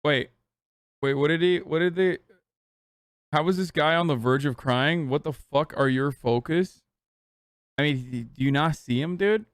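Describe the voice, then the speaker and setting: Swearing streamer guy ranting at chat, kinda high voice, dead dry sound. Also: moderate pace, long pauses, smooth, dry recording. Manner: profane, ranting, mocking. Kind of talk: casual live-stream commentary.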